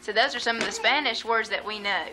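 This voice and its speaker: A woman's voice: on the high side, quick pace, noisy background. A woman, a mother, using coaxing sing-song baby talk with her toddler.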